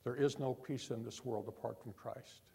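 Older male pastor, husky and gravelly, earnest sermon delivery in church, repeats phrases, speaks plainly rather than shouting. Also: medium pitch, fairly even intonation, normal speed. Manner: earnest, repetitive preaching, talking from the heart rather than yelling.

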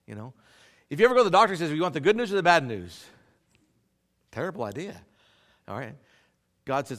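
A man preaching a sermon to a congregation in a church, swinging between loud emphatic lines and quiet asides. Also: a little high, fairly quick, pauses often. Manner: animated preaching with sudden loud and soft swings. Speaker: pastor.

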